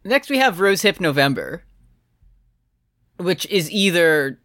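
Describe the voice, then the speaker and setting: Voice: mid-range voice, sing-song, takes it slowly, fairly bright tone, dry recording, clean studio sound. A podcast co-host in casual chat, laid-back and wry.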